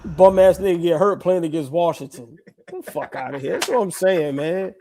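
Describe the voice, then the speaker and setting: A man co-hosting a live basketball reaction show, talking loud and profane with mocking asides. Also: sits high, animated, normal speed, background noise. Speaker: podcast co-host. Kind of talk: casual sports reaction chat.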